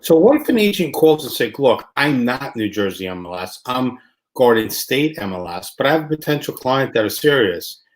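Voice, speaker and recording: A man hosts a casual interview, talking in a relaxed, conversational way before he turns things over with follow-up questions. His voice sits in a middle pitch range for a man. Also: moderate pace. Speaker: interview host.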